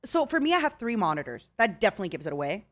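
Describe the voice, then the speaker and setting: A young woman hosting a casual chat on her stream, giggly and animated, laughing often. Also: medium pitch, racing. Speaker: VTuber host. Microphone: XLR microphone.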